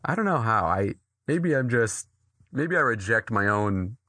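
Low-ish guy from new england, earnest, lots of restarts and laughs, dry recording. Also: lively intonation, measured pace, bright, forceful tone, dry recording. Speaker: author and pastor. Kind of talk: interview guest talk.

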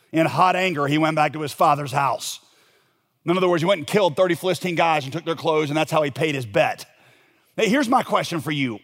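A man preaching a sermon as pastor, telling a Bible story with joking asides and quick comic voices. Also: fairly high pitch, long reverb tail. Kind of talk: humorous sermon teaching.

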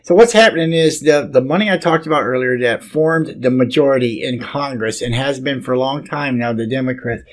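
A man's voice: medium pitch, a little fast, few pauses. A man hosting a casual political talk show, rambling and often repeating words as he starts a sentence.

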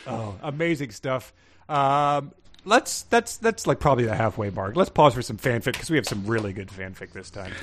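A man's voice: mid-range voice, expressive, normal speed, a bit bright, slight background noise. A man co-hosting a podcast, chatting casually and reading book passages aloud with laughing asides. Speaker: podcast co-host.

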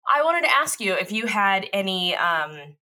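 A woman's voice: mid-range voice, sing-song, moderate pace, pushed and bright. A woman co-hosting a casual podcast chat, teasing and swearing casually. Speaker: podcast co-host.

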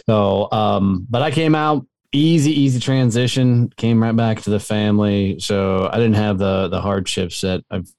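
A man's voice: on the low side, a little slow, few pauses, a little mellow, dry recording. A middle-aged man, a Marine veteran guest, telling stories in an easygoing, chummy way. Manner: easygoing, chummy, calls the host dude and brother. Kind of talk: casual storytelling interview.

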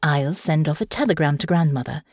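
Brief: a woman as a poised, persuasive noblewoman, dry and smooth, close dry sound. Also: sits low, fairly quick, a little mellow, no echo.

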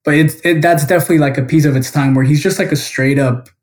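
A man's voice: on the high side, steady tone, fast. A man calling in as a guest to chat about a film, rambling with lots of fillers. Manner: rambling, heavy use of fillers. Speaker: guest caller. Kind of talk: casual film discussion. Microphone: phone or remote call.

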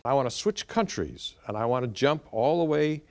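A man's voice: medium pitch, expressive, moderate pace, darkish tone. A man hosting a TV interview, prompting his guest with guiding questions. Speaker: host, interviewer.

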